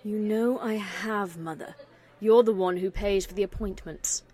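A woman voicing a grieving young mare musician, weary and bitter, speaking low and subdued. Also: fairly even intonation, unhurried, dark tone, husky.

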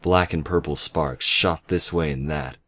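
Very deep-voiced man reading a story. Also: fairly even intonation, unhurried, fairly bright tone. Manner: reads with casual asides and self-corrections. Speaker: reader. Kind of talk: fan fiction reading.

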